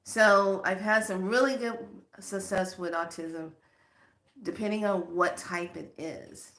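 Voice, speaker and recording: A woman who works as a spiritual healer, telling animated stories with a lot of repetition in a spiritual monologue. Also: mid-range voice, takes it slowly, reverberant.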